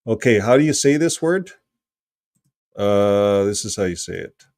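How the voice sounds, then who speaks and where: A man hosting a casual video, reading from a book and joking, clearing his throat often, with his voice getting hoarse. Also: lowish voice, expressive, a little slow, darkish tone, dry recording, clean studio sound. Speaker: video host.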